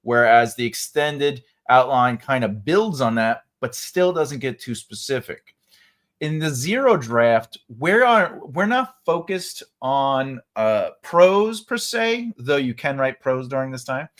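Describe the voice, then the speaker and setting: A man's voice: mid-range voice, animated, slow, fairly bright tone. A man hosting a casual livestream writing lesson from home, chatty and loose, with many fillers and restarts. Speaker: writing teacher and livestream host.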